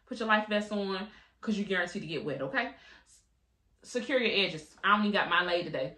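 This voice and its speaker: A woman's voice: mid-range voice, quick pace, bright, forceful tone, reverberant. A woman in her late twenties hosting a podcast, talking in a chatty, slangy, candid way. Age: late 20s. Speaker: podcast host. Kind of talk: casual solo podcast chat.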